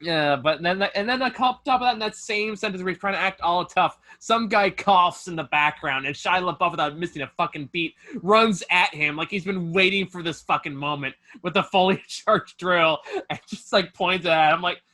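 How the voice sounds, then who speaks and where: A man's voice: high voice, moderate pace. Profane, mocking man on a video call. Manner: profane, animated, filler-heavy, mocking. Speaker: host. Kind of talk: casual film review chat.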